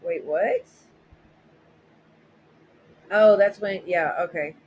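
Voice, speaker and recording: A woman's voice: on the low side, drawn-out words, a little mellow, rough recording. A woman hosting a casual livestream, reading viewer messages aloud and reacting bluntly and sarcastically, with frequent swearing. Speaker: livestream host.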